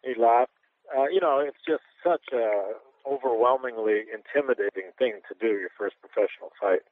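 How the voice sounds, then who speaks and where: Speaking at a moderate pace in a medium-pitched voice, this retired professional boxer shares candid interview stories, restarting sentences and chuckling as he rambles. It's tinny phone-line radio audio without echo.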